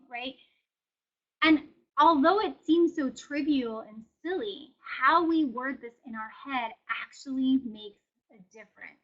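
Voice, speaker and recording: High-voiced woman giving a wellness webinar. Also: a little slow, lo-fi sound. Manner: conversational, encouraging, many fillers. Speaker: wellness educator. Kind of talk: webinar presentation.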